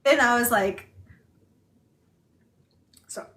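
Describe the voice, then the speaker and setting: A woman's voice: a little high, very slow, sharp tone. A woman co-hosting a book club, chatting casually in a rambling way full of filler words while she also signs. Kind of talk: casual chat.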